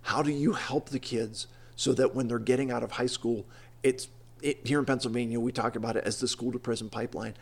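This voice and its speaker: A man with a gravelly, creaky voice hosts a conversational interview. He asks long, thoughtful questions. He pauses and restarts as he works out his words. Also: medium pitch, steady tone. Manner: thoughtful, hesitant, lots of ums and restarts.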